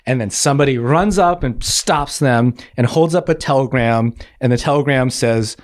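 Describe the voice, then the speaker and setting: A man's voice: mid-range voice, moderate pace. A man, an animator guest on a podcast, telling a story casually with lots of fillers and acted-out quotes. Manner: animated, acts out quotes, many filler likes.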